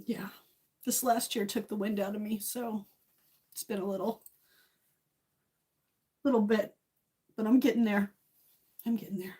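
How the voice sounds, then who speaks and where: Woman, 60s, live streamer; tearful, emotional, halting delivery full of fillers. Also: mid-range voice, fairly even intonation, warm tone, slightly rough. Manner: emotional, tearful and laughing by turns, many fillers. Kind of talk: casual live stream chat.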